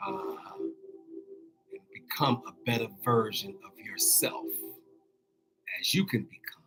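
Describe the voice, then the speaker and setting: Man with a bright, forceful voice hosting a spiritual talk. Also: medium pitch, faint music behind, rough recording. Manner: repetitive, calls out to listeners directly; colloquial, drawn-out phrasing. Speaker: host. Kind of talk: casual spiritual motivational talk.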